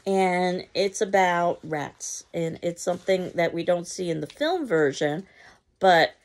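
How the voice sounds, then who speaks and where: A woman teacher giving a literature lecture, explaining a play in a measured way with occasional ums and restarts. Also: fairly low pitch, lively intonation.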